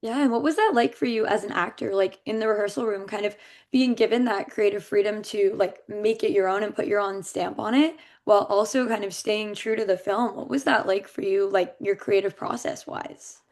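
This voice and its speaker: Brief: woman host, mid pitch, eager and supportive interviewer, casual phrasing. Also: fairly even intonation, brisk, a little mellow. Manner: enthusiastic, supportive, hedging with "kind of" and "like".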